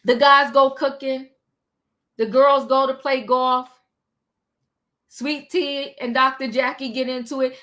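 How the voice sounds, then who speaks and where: A woman hosting a livestream, recapping a reality show in sassy, animated casual chat. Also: sits high, slow pace, long pauses. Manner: animated, sassy, talks back to the people she recaps.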